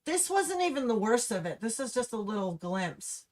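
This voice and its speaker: A woman hosting a livestream gives angry, impassioned commentary that runs restless and ranting. Her voice sits a touch higher than most. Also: sing-song, normal speed, darkish tone. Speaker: livestream host. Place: Humboldt County, California.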